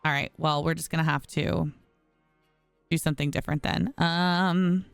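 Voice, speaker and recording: This gaming streamer's voice sits low, smooth but creaky, on a dry recording. She chatters through a home-building game, frequently exasperated and addressing her audience as y'all.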